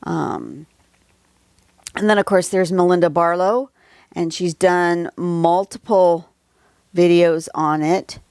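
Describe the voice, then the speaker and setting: A woman's voice: on the low side, fairly even intonation, slow, pauses often, darkish tone, clean tone, no echo, studio quality. A woman hosting a casual livestream drawing lesson, chatty and rambling with many asides, recorded on a phone at home. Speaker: drawing tutorial host.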